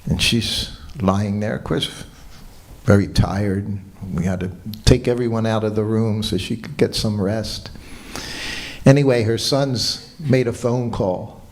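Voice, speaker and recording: A man giving a morning lecture at a temple, telling a personal story in a relaxed way and quoting what people said. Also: on the low side, unhurried. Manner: relaxed anecdotal storytelling with quoted dialogue. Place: temple hall.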